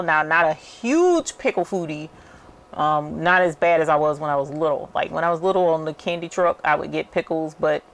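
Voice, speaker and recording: Woman host, low, gravelly voice, rambling chatty work-vlog talk. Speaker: channel host. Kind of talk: casual chat while working.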